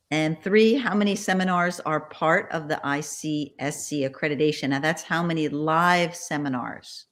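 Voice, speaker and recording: A cheerful woman runs her part of an online quiz over a video call, urging people to jump in. Her voice sits a little low for a woman. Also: moderate pace, few pauses. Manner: upbeat, coaxing the audience to join in. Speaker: quiz presenter. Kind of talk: casual virtual party quiz.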